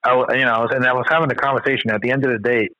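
An American man co-hosting a podcast, chatting casually, animated and slangy with lots of swearing. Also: medium pitch, very fast, dry recording. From United States. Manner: animated, profane, slangy storytelling. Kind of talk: casual chat. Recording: dull, dry, lo-fi sound.

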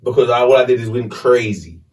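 A man, a podcast host telling a story casually, animated and swearing. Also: mid-range voice, fairly quick, distant mic.

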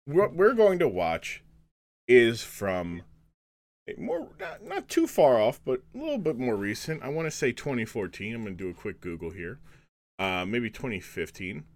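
A man's voice: mid-range voice, huge pitch swings. A man hosting a podcast in casual chat, rambling with frequent restarts and fillers. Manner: halting, with many restarts and fillers. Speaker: podcast host.

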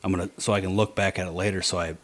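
A man telling a hunting story in casual chat, animated, dropping to low mutters to quote his own thoughts. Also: very fast.

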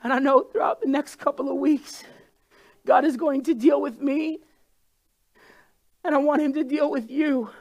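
A woman's voice: high voice, steady tone, normal speed, long pauses. A woman preaching a sermon to a congregation in a church room, impassioned and repeating herself for emphasis. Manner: impassioned, building to loud crying pleas.

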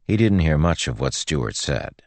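A man reading a novel aloud in an extremely deep voice full of vocal fry, his delivery measured and even. The recording is dry and close, with no room sound around it. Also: no echo. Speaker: audiobook narrator. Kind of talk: audiobook narration.

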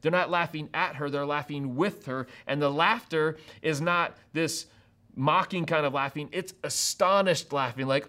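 Male pastor, lively sermon delivery, a bit high, plays out reactions. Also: moderate pace. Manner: animated, acts out quoted reactions with laughs.

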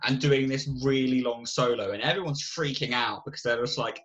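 A man's voice: medium pitch, brisk, fairly bright tone, highs cut off. A man co-hosting a podcast, recapping a film in casual, rambling chat full of restarts and acted-out bits. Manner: rambling, full of likes and restarts, acts out scenes. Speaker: podcast co-host.

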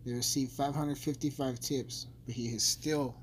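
A man's voice: medium pitch, fairly even intonation, normal speed, slight background noise. A man giving a casual, blunt, profane recap of a crime case, rambling as he goes. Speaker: true-crime commentator.

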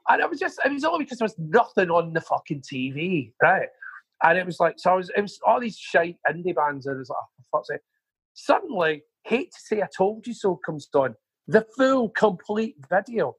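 A man's voice: high voice, big pitch swings, a little fast, breathy edge, no echo, poor audio. A man, a music manager guest, telling rambling, profane anecdotes in a casual interview.

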